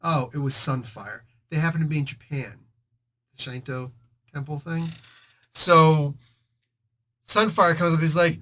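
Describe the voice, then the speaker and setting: A man's voice: a little high, a little slow, pauses often, a bit bright. A man hosting a casual comic book review, retelling the story with slang and sound effects.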